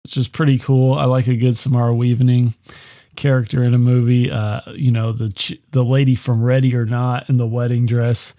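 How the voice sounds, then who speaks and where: A man's voice: medium pitch, level tone, moderate pace, dark tone, no echo, studio quality. A man hosting a movie podcast, rambling casually through a review with lots of swearing and joking asides. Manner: profane, rambling, jokey.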